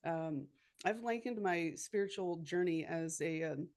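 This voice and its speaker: Brief: woman podcast host, slightly low voice, relaxed and reflective. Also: measured pace. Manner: reflective, easygoing, laughs readily. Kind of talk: casual podcast conversation.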